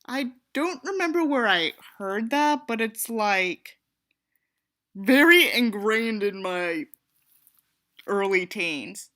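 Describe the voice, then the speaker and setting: A woman's voice: medium pitch, lively intonation, takes it slowly, bright, forceful tone. A young woman reading a book aloud and breaking off for sarcastic, swearing asides. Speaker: audiobook reader.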